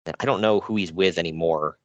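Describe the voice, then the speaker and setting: A man speaks fast in a low voice, and the recording is dry and dull. Hosting a relaxed podcast, he chats through wrestling news, joking, laughing a lot, and making fun of himself.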